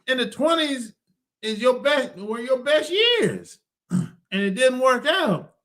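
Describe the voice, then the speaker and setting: High-voiced blunt man chuckling. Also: very animated, slow, bright, forceful tone. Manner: blunt, laughs often between lines; slangy and rambling. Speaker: podcast host. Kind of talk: casual monologue.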